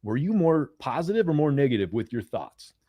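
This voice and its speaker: An American performance coach in his forties, a mental performance coach appearing as a guest, tells stories in a conversational interview. His mid-range voice moves fairly quickly on a dry recording, and he's animated, repeating words and loudly acting out the voices he quotes.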